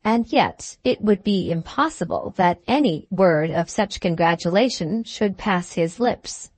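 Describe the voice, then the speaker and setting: Female audiobook narrator; steady, even storytelling, dry close recording. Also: fairly low pitch, measured pace, hardly any pauses, dry recording.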